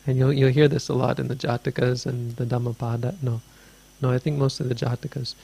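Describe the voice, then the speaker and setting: A man's voice: mid-range voice, level tone, brisk, gravelly, mellow, slightly rough. A man teaching as a Buddhist teacher, answering a question in a dharma talk with meandering, thoughtful storytelling.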